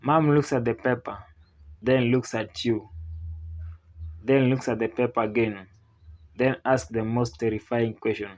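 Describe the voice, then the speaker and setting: A man narrates a comic script about strict Caribbean parents. His voice sits at a mid pitch. His tone stays steady and storytelling, and he drops into a mother's voice for her lines. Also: measured pace, pauses often, low-quality recording.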